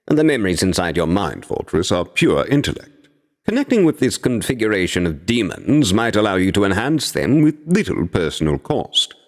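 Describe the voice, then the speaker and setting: A man plays a knowing spirit that speaks inside the hero's head, lifting his voice above his normal pitch and delivering dry, careful warnings. The fantasy audiobook read sounds distant, with a long hall reverb behind it. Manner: dry, cautionary explanations.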